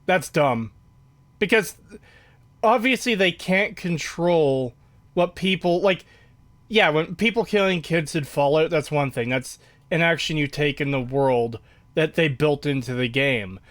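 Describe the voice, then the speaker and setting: A man's voice: a little high, a little slow, a bit bright. A man in casual podcast chat who rambles and argues his points.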